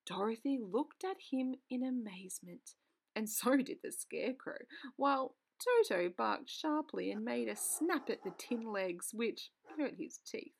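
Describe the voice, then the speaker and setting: A woman reading a classic children's story aloud with expressive storytelling and the odd stumble. Her voice sits fairly high and has a gravelly, creaky texture. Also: a little slow. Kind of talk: read-aloud narration of a children's book.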